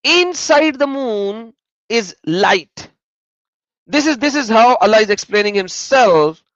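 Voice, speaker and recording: A man giving sarcastic video commentary as an online religion critic, mocking and swinging between loud exclaiming and muttering. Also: high-pitched, lively intonation, slow pace, dry recording, highs cut off.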